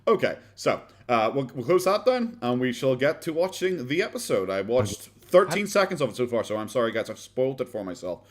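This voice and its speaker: A man's voice: mid-range voice, very animated, fairly quick, hardly any pauses. Mocking Irish man commenting. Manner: mocking, laughs often, rambling. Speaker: streamer commenting on a podcast. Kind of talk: casual watchalong commentary.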